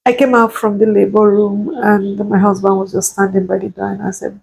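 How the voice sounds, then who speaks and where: A woman in her thirties telling a painful personal story, slow and halting, tearful at times. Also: medium pitch, level tone, vocal fry, a little mellow, a little hiss or hum, rough recording. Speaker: vlogger sharing a personal story.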